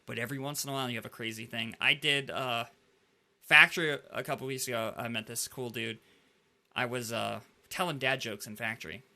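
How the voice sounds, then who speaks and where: Animated man telling gaming stories. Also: medium pitch, fairly quick. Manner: animated storyteller, heavy use of "like". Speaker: podcast host. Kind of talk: casual gaming podcast chat.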